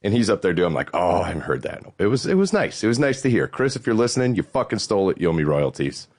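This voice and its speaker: A man's voice: quick pace, dry recording, clean studio sound. A man co-hosting a podcast in casual chat, rambling and swearing casually. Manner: rambling, swears casually, lively rises in pitch. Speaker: podcast co-host.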